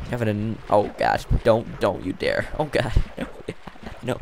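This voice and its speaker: A man giving casual gameplay commentary, excitable and jumpy, rambling and yelping as he plays. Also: fairly low pitch, normal speed, gravelly, slight background noise. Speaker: let's play gamer.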